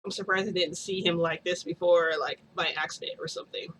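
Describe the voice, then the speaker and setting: A woman's voice: fairly low pitch, steady tone, brisk, a bit bright, slight background noise. A woman vlogger telling a story to her viewers in a chatty, gushing way, often giggling and calling them "guys".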